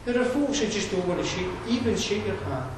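A Scottish man delivers a sermon in a fairly high voice, wandering off on asides and stumbling over fillers before finding his point again. He is recorded from a distance in a very reverberant room, with faint ambient noise underneath. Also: expressive, a little fast. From Scotland. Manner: conversational, digressive, frequent fillers and restarts. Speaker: preacher.

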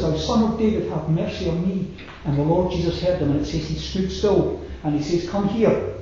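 Earnest male preacher in an echoey room. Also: on the high side. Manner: earnest, rising to emphatic lists then dropping soft on key lines. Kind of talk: sermon. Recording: echoey room with faint noise, dull sound.

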